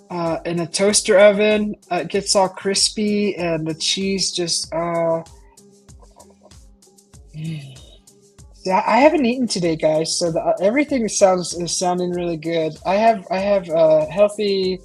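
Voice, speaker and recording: A woman's voice: medium pitch, measured pace, a little mellow, slightly rough, faint music behind. A middle-aged woman hosting a casual live stream, chatting animatedly and asking her viewers lots of questions. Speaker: livestream host.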